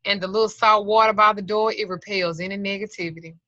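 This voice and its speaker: In a dull, lo-fi video call, a middle-aged woman teaches an occult class, swearing freely, joking and acting out little scenes with voices. She talks fast in a mid-range voice that is pushed and bright but steady in tone. The recording is dry.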